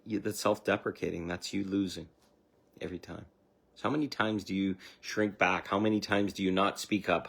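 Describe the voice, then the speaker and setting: Earnest low-voiced man giving spiritual advice. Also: flat delivery, normal speed, vocal fry, slightly rough. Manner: earnest, unscripted, trailing off into asides; acts out quoted inner voices with sudden high pitch. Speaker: spiritual coach. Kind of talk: livestream talk.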